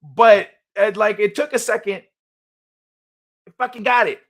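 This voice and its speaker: A man's voice: high-pitched, fairly even intonation, unhurried, fairly bright tone. A man hosting a casual livestream, rambling and joking with his chat. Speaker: livestream host.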